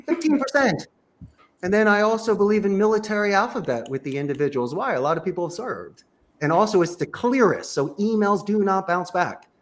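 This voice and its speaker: Brief: male sales coach, high and very lively pitch, punchy and emphatic delivery. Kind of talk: energetic advice in a panel chat.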